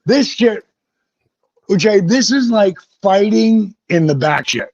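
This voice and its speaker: Taking his time, the ex-wrestler guest relates animated stories in a husky voice that sits high, profane and vivid, voicing the people he quotes. It's a dull lo-fi recording with no echo.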